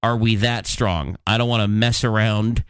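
A man's voice: on the low side, steady tone, moderate pace, smooth, no room sound, studio quality. A man hosting a talk show, running through news headlines with sarcastic, plain-spoken commentary and frequent fillers. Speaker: podcast host.

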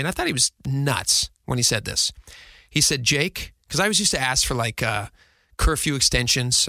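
A man's voice: medium pitch, gravelly, sharp tone, no room sound, clean studio sound. A man in his thirties hosting a radio talk show, chatty and upbeat with rambling asides. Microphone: studio mic.

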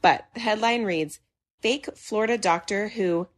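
A woman's voice: medium pitch, unhurried. Laughing young woman telling funny stories. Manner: animated, laughing storyteller who acts out quotes. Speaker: podcast co-host. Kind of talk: casual chat.

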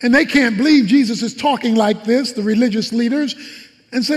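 A man's voice: very high-pitched, moderate pace, in a large hall. A man preaching a sermon as a pastor, retelling scenes dramatically with colloquial asides.

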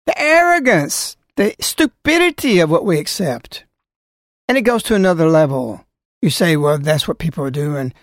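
Man preaching, scolding and forceful, rhetorical questions, dry close sound. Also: high-pitched, dry recording. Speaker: religious speaker. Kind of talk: preaching talk.

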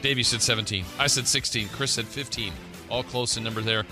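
Steady male radio co-host over music. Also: mid-range voice, brisk. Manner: steady, recaps predictions methodically. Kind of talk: casual sports radio banter. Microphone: studio radio mic.

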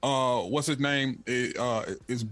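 A man's voice: mid-range voice, fairly even intonation, slow, a bit bright, no echo. A man co-hosting a podcast, ranting casually and emphatically about sports rivals with stammered restarts.

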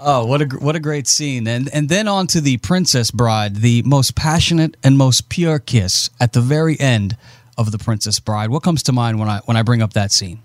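A man's voice: mid-range voice, normal speed, no room sound. A man interviewing a film director, enthusiastically praising famous scenes and asking for the stories behind them. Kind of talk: interview questions.

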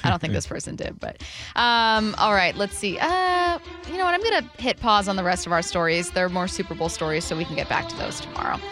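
A woman's voice: mid-range voice, animated, brisk, fairly bright tone, soft background music. A woman co-hosting a sports radio show in a studio, chatty and self-deprecating, wired on espresso. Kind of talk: casual sports talk.

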